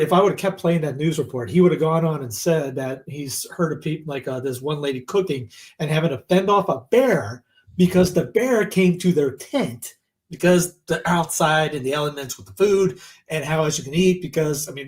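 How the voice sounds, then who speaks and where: A male podcast co-host with a voice sitting a little high for a man. He talks in casual, animated chat and breaks into mocking put-on voices when he quotes people. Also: normal speed.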